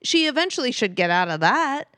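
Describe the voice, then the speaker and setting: A woman's voice: sits high, very animated, brisk, a bit bright, clear, resonant tone, no room sound, studio quality. A woman co-hosting a comedy podcast, talking bluntly with jokes and swearing. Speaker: podcast co-host. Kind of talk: casual comedy podcast chat.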